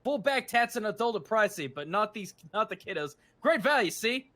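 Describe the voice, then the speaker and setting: A man's voice: high voice, very animated, moderate pace, sharp tone, voice pushed up, exaggerated voice. A man voicing a boastful, cheerful male tattoo artist in a mock British accent, with chummy sales patter.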